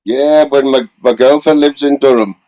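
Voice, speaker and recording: A man's voice: medium pitch, steady tone, moderate pace, warm tone. A man calling in to a live stream, asking short, direct questions. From Middlesbrough, England. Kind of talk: casual chat.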